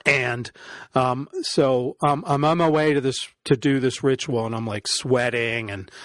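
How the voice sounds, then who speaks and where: A man, a podcast guest, telling an animated story in casual conversation, laughing often. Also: medium pitch, measured pace, no room sound. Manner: animated, laughs often, acts out quoted voices.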